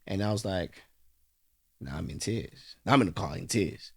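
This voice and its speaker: A man from London, a guest in an interview, telling a heartfelt story and rising to animated bursts when he stresses a point. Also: low voice, moderate pace, vocal fry, breathy edge, dry recording, clean studio sound. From London, England.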